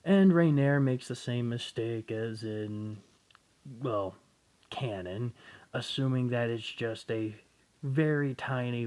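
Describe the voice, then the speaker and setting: A man's voice: on the low side, a little mellow. A young man casually retelling a fan story, rambling, correcting himself and swearing as he goes. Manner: rambling, profane, self-correcting.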